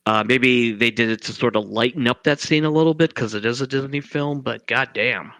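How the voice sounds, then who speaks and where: Bright-toned man musing casually on a podcast. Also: medium pitch, fairly quick, dry recording. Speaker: podcast co-host. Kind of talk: casual movie discussion.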